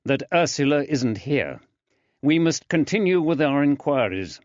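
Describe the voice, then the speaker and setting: A man narrating an audiobook, voicing a firm, brisk detective in a clipped, slightly raised voice. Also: a little high, very animated, dry recording, pitched above the performer's own voice. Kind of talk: audiobook character voice. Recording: dry, slightly dull.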